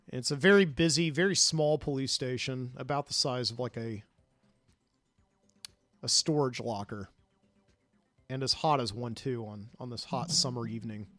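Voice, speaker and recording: A man's voice: medium pitch, normal speed, pauses often, a bit bright, no echo, soft background music. A man hosting a podcast, telling a dream story in a rambling way with many fillers, recorded in a studio. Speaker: podcast host.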